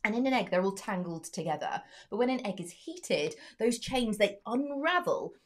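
A woman's voice: medium pitch, very animated, moderate pace. A woman presenting a live family science show, bubbly and explaining step by step.

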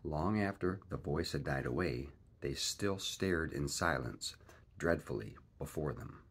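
A man reading a classic adventure novel aloud in a lively, expressive way. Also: extremely low pitch, measured pace, breathy edge. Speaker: reader. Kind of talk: storybook read-aloud narration.

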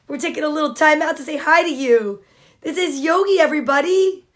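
High-voiced woman reading storybooks aloud. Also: expressive, brisk, a bit bright. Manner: giggly, chatty asides to kids. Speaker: comedian reading to children. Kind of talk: storybook read-aloud with asides.

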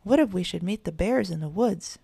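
A woman's voice: lowish voice, animated, a little fast, creaky, warm tone, husky, dry recording, studio quality, heavily acted. A woman voicing two small curious kittens who ask eager questions.

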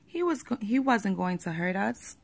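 A woman's voice: medium pitch, sing-song, normal speed, creaky. A woman doing a friendly walking tree. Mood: earnest cheerful. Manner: cheerful, earnest, keen to make friends. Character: friendly, eager walking talking male tree.

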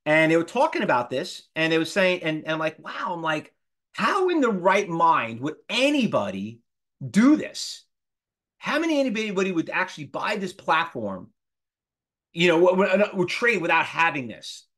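A man in his fifties teaching a live trading class, animated and firing rhetorical questions at his students. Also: a little high, normal speed. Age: 50s. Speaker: trading instructor.

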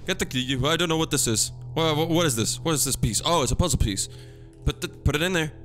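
A man's voice: on the high side, fast talker, a bit bright. A man whose first language is Dutch, commentating a horror game he is playing, jumpy and panicky with nervous laughter, into a headset mic. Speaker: gaming streamer. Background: game music.

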